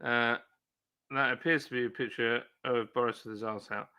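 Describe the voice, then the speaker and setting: A man's voice: medium pitch, normal speed, smooth. A man hosting a casual live stream, chatting and reading out viewers' comments. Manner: lively, chatty, reads chat aloud and jokes. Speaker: livestream host. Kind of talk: casual chat with live chat readers.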